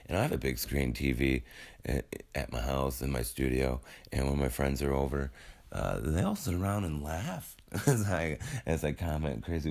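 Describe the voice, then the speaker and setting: A man's voice: rumbling low, a little mellow. A man in his forties, just woken up, rambling to his viewers in a casual, self-deprecating vlog monologue. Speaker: YouTube creator.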